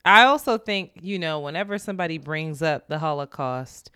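A woman's voice: low voice, expressive, bright, forceful tone, clear, resonant tone, no room sound, studio quality. A woman co-hosting a podcast, teasing her co-host in a slangy casual chat. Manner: teasing, slangy, quick to laugh.

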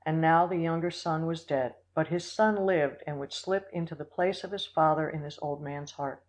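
An audiobook reader narrating a classic story in a steady, measured way. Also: mid-range voice, rough recording. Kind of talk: scripted narration.

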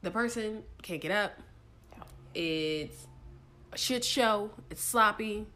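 A young woman co-hosting a casual chat, telling a story in an animated, profane way. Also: mid-range voice, slow pace. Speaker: podcast co-host.

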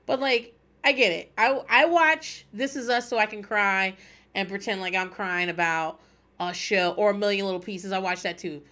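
A woman's voice: mid-range voice, moderate pace, sharp tone. A woman hosting a podcast, chatting casually and candidly, swearing freely and laughing often. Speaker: podcast host. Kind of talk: casual recap chat.

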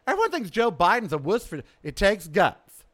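A man hosting his podcast, delivering a sarcastic, ranting political monologue that swings from loud outbursts to low mutters. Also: wildly swooping pitch, moderate pace. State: coughing from smoke in throat. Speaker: podcast host. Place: outdoors.

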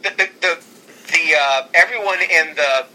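A man in casual chat, excitedly rambling through an imagined storyline with many restarts. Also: a little high, unhurried, poor audio. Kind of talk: casual fantasy-booking chat.

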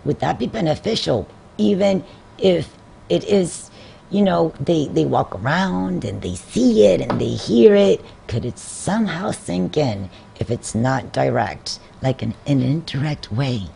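A woman's voice: low voice, animated, unhurried, vocal fry, mellow, slight background noise. A woman hosting a faith talk show, chatty and asking her guest questions. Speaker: show host. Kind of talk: interview host, opening with a read poem.

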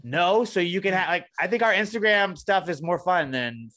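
Man co-hosting a comedy podcast, bright sharp voice, sarcastic, swears a lot. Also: high voice, animated, moderate pace. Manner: profane, joking, sarcastic. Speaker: podcast co-host. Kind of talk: casual comedy podcast banter.

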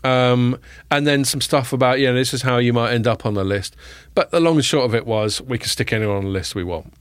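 A man hosting a casual tech podcast, joking with quick asides and plenty of fillers. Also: mid-range voice, smooth, no room sound. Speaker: podcast host.

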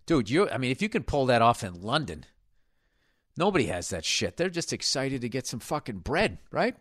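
A man's voice: mid-range voice, big pitch swings, normal speed, dry recording, studio quality. A man hosting a podcast as a comedian, reading listener mail in crude, joking, rambling chat.

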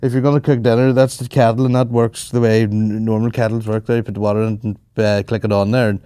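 A man's voice: fairly low pitch, flat delivery, fast talker, warm tone, clean tone, no echo, studio quality, natural voice. A man imitating a long-winded Airbnb host from Donegal who explains every little thing. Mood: over-explaining. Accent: Donegal Irish. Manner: long-winded, homely, oblivious.

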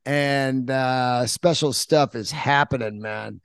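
A man's voice: medium pitch, slow pace, clear, resonant tone, no room sound, studio quality. A middle-aged man telling a rambling, profane story in a casual monologue as a podcast host.

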